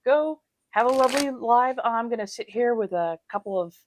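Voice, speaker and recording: A woman's voice: fairly high pitch, lively intonation, moderate pace, slight background noise. A woman hosting a casual livestream, chatting with viewers, laughing often and calling them darlings. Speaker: livestream host.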